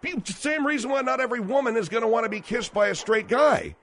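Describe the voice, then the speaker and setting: A man's voice: very high-pitched, quick pace, fairly bright tone, a little hiss or hum. A man hosting a talk radio show, needling and incredulous as he questions a caller.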